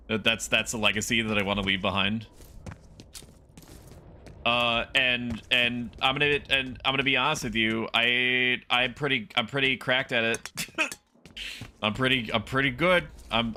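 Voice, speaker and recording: A young man livestreaming a video game as a VTuber, chatting with viewers and breaking into loud, animated outbursts at the game. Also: mid-range voice, unhurried, pauses often, a little hiss or hum. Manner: animated, yells and laughs at the game. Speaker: VTuber streamer. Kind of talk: gaming livestream commentary.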